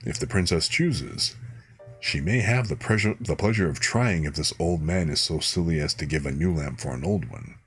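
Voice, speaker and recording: A man's voice: a bass voice, normal speed, fairly bright tone, faint music behind. A man voicing a sly female servant who coaxes her mistress with an idea. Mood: coaxing.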